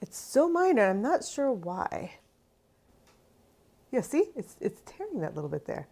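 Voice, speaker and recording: A woman's voice: fairly high pitch, big pitch swings, unhurried, vocal fry, dark tone. A woman hosting a home kitchen cheesemaking vlog, chatty and exasperated with a self-mocking streak. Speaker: cheesemaking channel host. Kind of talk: casual kitchen vlog talking to camera.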